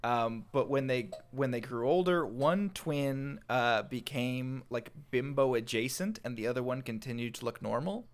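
Animated young man telling a story. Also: medium pitch, normal speed, hardly any pauses, a little hiss or hum. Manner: animated, laughing, acts out quotes. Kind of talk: casual storytelling chat.

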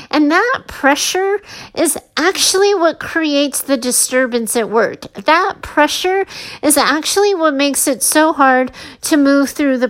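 A woman's voice: high-pitched, a bit bright. A woman hosting a podcast, giving candid advice in a casual, chatty way with plenty of fillers. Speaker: podcast host.

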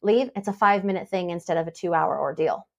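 Animated woman telling stories on a podcast. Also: fairly low pitch, quick pace, creaky. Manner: animated storytelling, acts out her own past lines. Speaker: podcast guest, happiness mentor. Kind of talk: casual podcast interview.

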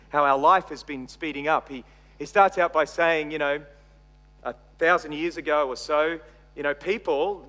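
Middle-aged Australian male pastor, high voice, dynamic sermon delivery, recorded with long hall reverb. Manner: expressive preaching, swinging between loud emphasis and quiet asides.

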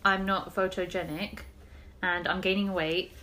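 A woman's voice: fairly low pitch, little pitch movement, a little slow, noisy background. A woman, co-hosting a casual podcast chat and telling stories with a lot of laughing. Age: late 20s. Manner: chatty, laughing storyteller. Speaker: podcast co-host.

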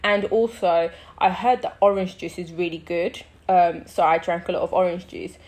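A young woman, co-hosting a casual chat and telling a story with lively acted-out quotes and frequent laughter. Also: on the low side, normal speed. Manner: animated storytelling, acts out quoted people, laughs often. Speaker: podcast co-host.

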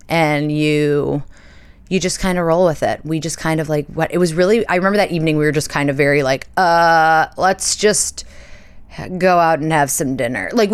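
Low-voiced chatty woman. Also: no echo. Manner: chatty, animated storytelling with lots of fillers. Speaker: podcast host. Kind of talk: casual chat.

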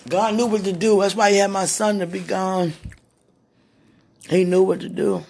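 A woman with a hoarse, husky voice, worn from preaching and crying, talking casually to God in a prayerful monologue and calling out to him between sentences. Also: mid-range voice, fairly even intonation, normal speed, darkish tone, a little hiss or hum. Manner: talks to God aloud, breaks into moans and exclamations. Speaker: street preacher.

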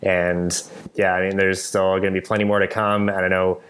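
Rambling podcast host, lower voice. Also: male voice, little pitch movement, moderate pace, a bit bright, smooth. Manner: rambling, lots of fillers. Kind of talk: casual podcast chat. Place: his office.

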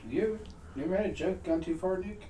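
A man's voice: high-pitched, a little fast, warm tone, echoey room, far from the mic, a little hiss or hum, low-quality recording. A young man on a podcast, a crude, needling joker in casual chat.

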